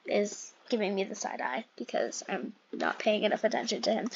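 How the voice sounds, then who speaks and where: A woman's voice: mid-range voice, big pitch swings, normal speed, creaky, husky, no echo, dull audio. A woman hosting casual game commentary at home, chatty and rambling as she plays. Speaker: gaming channel host.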